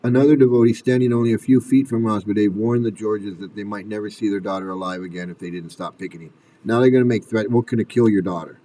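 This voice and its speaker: Man, angry profane commentary rant, mellow dark voice, heard from a distance from the mic. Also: lowish voice, fast talker. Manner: profane, furious, shouting rhetorical questions. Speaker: commentary video host.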